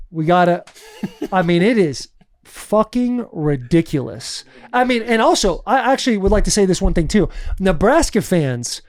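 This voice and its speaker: A man co-hosting a podcast, telling stories in casual chat and acting out what people said, cursing freely. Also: high-pitched. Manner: animated storyteller acting out quotes, swears freely. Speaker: podcast co-host.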